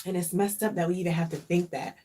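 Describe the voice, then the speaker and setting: A woman's voice: lowish voice, steady tone, fast, warm tone. A woman vlogger talking casually and earnestly, openly emotional and reflective, often repeating phrases for emphasis. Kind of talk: casual chat.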